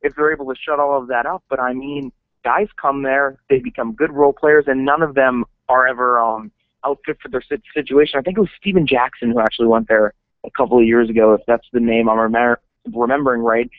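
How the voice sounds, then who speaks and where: A man's voice: medium pitch, fairly even intonation, no room sound. A man with a Florida accent, a podcast guest chatting about sports. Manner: fast and talkative. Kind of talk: casual sports podcast chat. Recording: tinny phone line.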